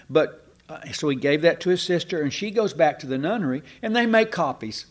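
Very animated and speaking a little fast, an older man preaches, his voice pitched slightly high and swinging broadly as he tells stories. He interrupts himself with asides and sentence restarts, building up to emphatic points.

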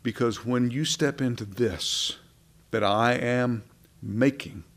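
A man's voice: mid-range voice, slow. Earnest man preaching a sermon. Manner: earnest, preaching with swings between soft and emphatic; conversational, asks the congregation questions.

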